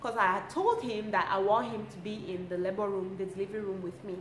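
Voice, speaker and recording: A young woman, telling a personal story to her vlog audience in a lively, expressive way and laughing often. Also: medium pitch, quick pace. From Cameroon. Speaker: lifestyle vlogger. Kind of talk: casual storytelling to camera. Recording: roomy with faint ambient noise.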